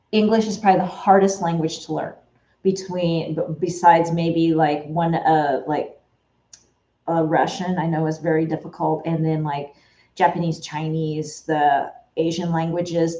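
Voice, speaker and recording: A woman's voice: low voice, little pitch movement, a little slow, dark tone. Rambling chatty woman, echoey room. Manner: rambling, chatty, many fillers and restarts. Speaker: Etsy shop owner. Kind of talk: casual chat while working. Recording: echoey, dull lo-fi room recording.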